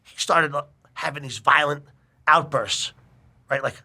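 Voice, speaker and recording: A middle-aged man telling a long personal story in casual chat, animated and full of swearing. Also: fairly high pitch, a little slow, creaky.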